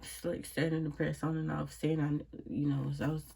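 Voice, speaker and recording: A woman's voice: low-pitched, little pitch movement, brisk, gravelly, warm tone, slightly rough. A grieving woman talks to camera at home in a casual personal monologue. She is reflective and sighing, with frequent prayerful exclamations. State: grieving, emotionally drained. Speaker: vlogger. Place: at home, indoors.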